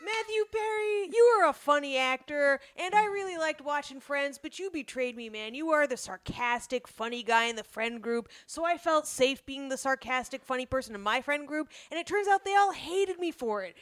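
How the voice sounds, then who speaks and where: A young adult woman co-hosting a comedy podcast, roasting with sarcastic, deadpan banter. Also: high voice, normal speed, hardly any pauses, no echo. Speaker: podcast co-host.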